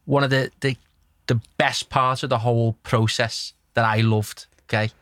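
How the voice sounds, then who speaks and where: Brisk male host with dry sound. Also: medium pitch, steady tone, a bit bright, no echo. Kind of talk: interview questions.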